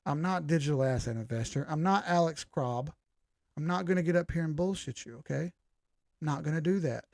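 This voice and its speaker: A crypto live-stream host with a somewhat high, gravelly, darkish voice talks through charts loosely and casually, speaking a little fast. Blunt and combative, he addresses his viewers directly, and the sound is close and dry with no room sound.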